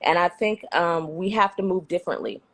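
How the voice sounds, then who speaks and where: A woman from the San Francisco Bay Area answering in a casual street interview, relaxed and thoughtful, often saying "you know". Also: lowish voice, brisk.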